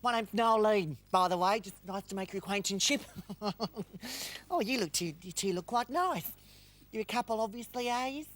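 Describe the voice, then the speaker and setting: A man with a broad Australian accent playing a chatty, nosy Australian woman, talking in a loud, gossipy, over-familiar way. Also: high voice, moderate pace. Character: nosy, chatty Aussie woman named Nolene. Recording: loud crowd and heavy noise.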